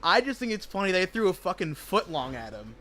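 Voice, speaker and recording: A man's voice: high voice, very animated, fairly quick, pushed and bright, soft background music. Young man ranting profanely with slang. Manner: profane, rambling storytelling with slangy asides. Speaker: gaming streamer. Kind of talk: casual chat while gaming.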